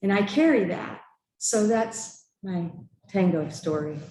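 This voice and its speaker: A woman telling a personal story at a church gathering, animated and laughing, acting out what people said. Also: mid-range voice, slow pace, heavy background noise. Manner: animated, laughing, with acted-out quotes. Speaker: church member sharing a story. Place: church hall. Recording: echoey church hall.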